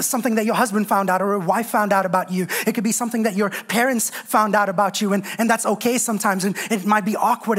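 A man preaching a sermon as a pastor, moving from raised, fervent passages to quiet, joking storytelling. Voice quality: swings from loud preaching to low, quiet asides. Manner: humorous storytelling with self-deprecating jokes.

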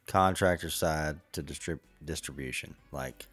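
Co-host, male, very deep voice with lively delivery; dry close mic. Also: unhurried, dry recording, soft background music. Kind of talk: casual chat.

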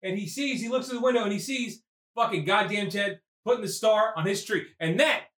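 A man recapping a movie with crude jokes and sudden shouted character voices. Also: high-pitched, fairly quick. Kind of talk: rambling comedic movie recap. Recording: echoey room, far from mic.

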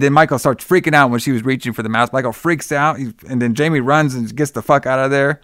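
Brief: male podcast co-host, smooth and dry-miked, loose and profane, filler-heavy. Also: medium pitch, fairly quick, a bit bright, no echo. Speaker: podcast co-host recapping a film. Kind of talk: casual chat.

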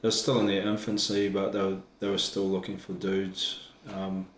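A man speaking in casual chat, halting and repeating words as he thinks. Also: low voice, monotone. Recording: echoey room with faint background noise.

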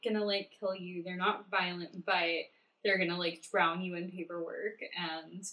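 A woman in a casual chat about a film, adding points and agreeing in a relaxed, chatty way. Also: on the low side, moderate pace, poor audio. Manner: chatty, agreeing, adds points with many fillers.

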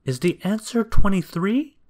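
A man's voice: high-pitched, expressive, measured pace, a little mellow, voice pushed up. A man voicing an eager young schoolboy in a storybook reading.

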